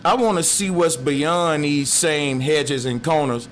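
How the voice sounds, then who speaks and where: A man's voice: fairly high pitch, slow pace, slight background noise. A man voicing a restless male rat who pleads earnestly with the others to leave the maze. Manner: earnest, pleading street talk.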